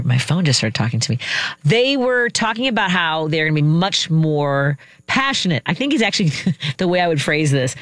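A podcast host talking in a loose, rambling monologue, often stopping to correct the last phrase. The voice sits at a middle pitch and is recorded dry and close, with no room sound. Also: fairly bright tone, no room sound. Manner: rambling, with frequent self-corrections. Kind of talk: casual monologue with sponsor reads.

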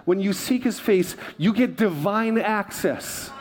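A man's voice: high voice, slow pace. A male pastor preaching a sermon, telling self-deprecating personal stories with lots of laughter. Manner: animated storyteller, self-deprecating, laughing often.

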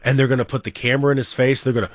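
A man hosting a sports talk radio show, talking in an animated, rambling, opinionated way and mocking the people he talks about. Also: mid-range voice, rapid-fire, dry recording, studio quality. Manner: animated, rambling, mocking, with mimicked crowd voices. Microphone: studio microphone.

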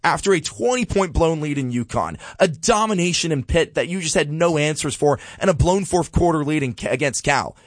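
A man co-hosting a sports podcast, giving exasperated, animated commentary and repeating a refrain. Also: on the high side, brisk, hardly any pauses, no echo.

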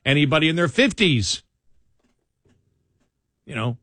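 A man's voice: a little high, big pitch swings, a little slow, fairly bright tone, dry recording, clean studio sound. A man co-hosting a political talk show, talking in an emphatic conversational way that repeats points and restarts sentences.

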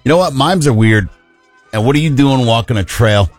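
A man's voice: brisk, faint music behind. A man co-hosting a radio show, trading casual jokes with his co-host in a wry, easygoing way. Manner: wry, joking asides with lively pitch swings. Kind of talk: casual comedic banter.

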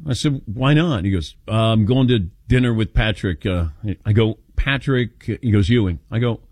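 A man's voice: on the low side, normal speed, no room sound. A man hosting a sports call-in radio show, telling stories and acting out the quotes. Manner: animated storyteller acting out quotes.

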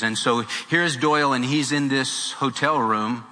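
A man's voice: medium pitch, measured pace, few pauses. A male pastor preaching a sermon, telling a story animatedly and driving his points home by repeating them. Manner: animated, storytelling, emphatic repetition. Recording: reverberant hall with faint music.

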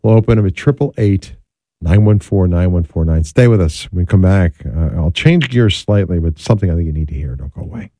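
A man hosting a radio talk show, with a measured on-air delivery, speaking to a guest and his listeners. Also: deep voice, dark tone, dry recording. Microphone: studio microphone.

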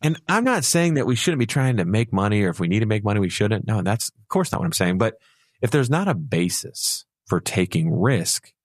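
Low-voiced, playful male advisor. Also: sing-song, a little fast, no echo, studio quality. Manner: storytelling, playful, laughs at his own jokes. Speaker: financial advisor co-host. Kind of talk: conversational radio talk.

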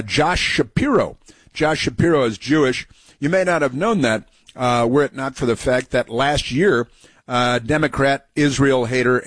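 A man hosting a talk radio show, sarcastic and mocking, talking in halting bursts with many fillers and restarts. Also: mid-range voice, dry recording. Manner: sarcastic, mocking, interjects over clips. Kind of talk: opinionated talk radio commentary.

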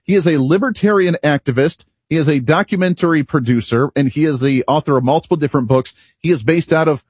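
A man's voice: a little high, fast, darkish tone, breathy edge, no room sound. A man hosting a political talk radio show in the studio, speaking in an opinionated, brash and jokey way. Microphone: studio microphone.

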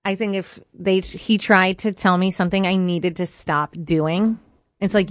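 A woman's voice: lowish voice, unhurried, no room sound. A woman co-hosting a radio talk show, reading out listener comments and giving frank opinions. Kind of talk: casual radio chat.

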